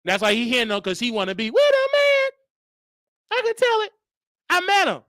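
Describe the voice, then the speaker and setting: A man hosting a celebrity gossip show, talking in a campy, teasing way and jumping up into a high falsetto. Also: wildly swooping pitch, fairly quick, a bit bright, dry recording, clean studio sound. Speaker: show host.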